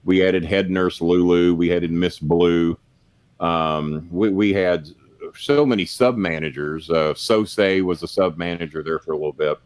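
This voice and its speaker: Older guy with a real low voice, rambling and cussing through old stories. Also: fairly even intonation, a little slow, darkish tone. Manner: rambling, profane, plain-spoken. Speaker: podcast guest, former wrestling manager. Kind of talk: casual storytelling.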